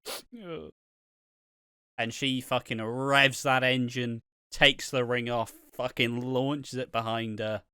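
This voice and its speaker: A British man co-hosts a podcast, chatting casually through a soap opera recap, swearing constantly and acting out the characters' lines with big swings in pitch and loudness. His usual delivery is slow with little pitch movement. The tone is clean, studio quality, with no echo.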